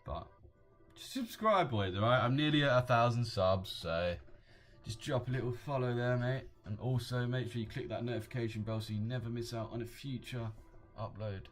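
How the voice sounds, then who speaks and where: A man's voice: mid-range voice, moderate pace, faint music behind. A young man, live-streaming forex trades and chatting casually with viewers, full of slang, calling them boys and mate. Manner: slangy, laddish, addresses chat as boys and mate.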